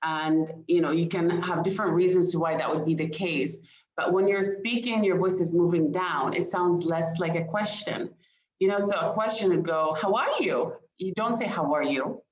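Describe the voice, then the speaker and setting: A woman's voice: lowish voice, normal speed. Woman presenter in a roomy lo-fi recording. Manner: engaging, quizzes audience, frequent light laughs. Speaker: communication expert. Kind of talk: webinar presentation. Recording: roomy, dull lo-fi sound.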